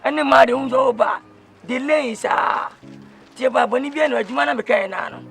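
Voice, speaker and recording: A man's voice: very high voice, moderate pace, creaky, a bit bright, faint music behind, full character voice. A man acting as a talkative, boastful village father in a comedy drama, rambling and mixing English words into his speech. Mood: lecturing.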